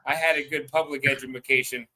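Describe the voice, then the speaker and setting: A man from the United States hosting a casual livestream chat, excitable and rambling, swearing freely and using lots of fillers. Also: mid-range voice, brisk, crowd noise. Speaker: host.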